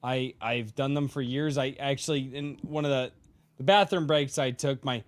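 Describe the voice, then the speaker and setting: A man's voice: medium pitch, fairly even intonation, moderate pace. A man hosting a casual podcast chat, rambling and swearing freely, a bit tipsy from drinking. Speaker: podcast host.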